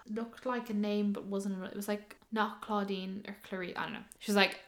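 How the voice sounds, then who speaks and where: A woman's voice: medium pitch, fairly quick. A young woman, casually telling a story and acting out the voices of the people in it. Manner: animated, quoting others in lively voices.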